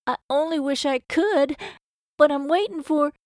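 A woman's voice: sits high, measured pace, darkish tone, no echo, studio quality, voice pushed up. A woman voicing a prim young schoolteacher who speaks in formal, genteel phrases. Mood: tearful.

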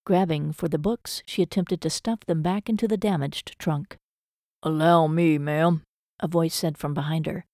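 A low-pitched female narrator tells an audiobook story at a measured, even pace. There's no room sound, just clean studio audio.

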